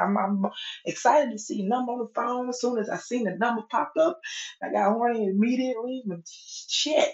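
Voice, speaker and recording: A woman's voice: fairly high pitch, normal speed, darkish tone. Profane ranting woman, dull lo-fi audio. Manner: exasperated, profane, complaining rant. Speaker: vlogger. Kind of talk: profane comic rant to camera. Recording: dull lo-fi recording.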